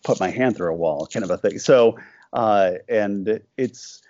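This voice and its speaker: A man's voice: lowish voice, unhurried, a little mellow, dry recording, lo-fi sound. A man being interviewed about his cartoons. He talks casually and rambles, breaking off often and acting out little quoted exchanges. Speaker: cartoonist guest.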